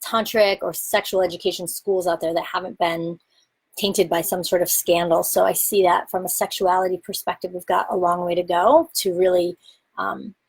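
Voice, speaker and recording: Lowish-voiced woman, sex educator, chatting open and reflective to camera, lots of ums. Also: fairly even intonation, normal speed, creaky, breathy edge. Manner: open, reflective, with frequent fillers and laughs. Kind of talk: candid personal talk to camera.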